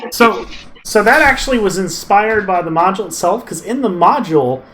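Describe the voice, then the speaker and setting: A man's voice: high-pitched, expressive, fairly quick, a loud crowd. A man running a tabletop game as game master, chatting casually and rambling with restarts.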